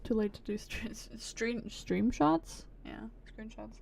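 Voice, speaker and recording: A woman's voice: on the high side, measured pace, creaky, a little hiss or hum. A woman streaming a video game, chatting casually in a rambling, profane way and cutting herself off mid-sentence. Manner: rambling, profane, self-interrupting. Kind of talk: casual gameplay commentary. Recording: voice over loud game music.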